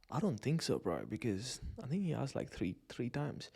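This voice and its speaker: Gravelly, profane day-trading man. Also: medium pitch, sing-song, normal speed, darkish tone. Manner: casual, profane, slangy, laughs often. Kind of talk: live trading stream commentary.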